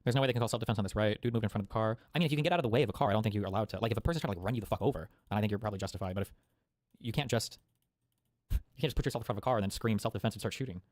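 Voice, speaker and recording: Rapid-fire man streaming commentary. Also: fairly low pitch, no echo, studio quality. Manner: rapid, profane, argumentative, thinking aloud. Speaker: live streamer reacting to chat. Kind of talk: live reaction commentary.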